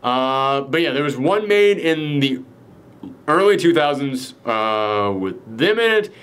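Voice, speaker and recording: A man's voice: mid-range voice, lively intonation, measured pace, fairly bright tone, smooth. Casual man retelling a film's ending. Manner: loose, profane, acts out quotes. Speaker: film reviewer. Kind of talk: casual spoiler chat.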